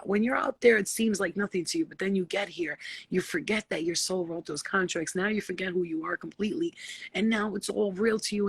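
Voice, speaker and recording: Gravelly, husky woman on a late-night chat. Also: medium pitch, fairly quick, no echo. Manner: profane, blunt and animated, slips into playful voices. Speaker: spiritual live-stream host.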